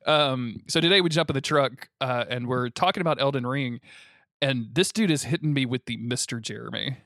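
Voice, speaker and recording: A man's voice: medium pitch, a little fast, fairly bright tone, no room sound, clean studio sound. A young adult man from the Southern United States co-hosting a podcast, telling stories casually and swearing freely. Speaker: podcast co-host. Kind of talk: casual chat.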